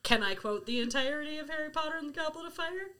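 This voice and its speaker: A young adult woman co-hosting a podcast in casual chat, giggly and teasing, quick to jump in. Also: high-pitched, lively intonation, crowd noise. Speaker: podcast co-host.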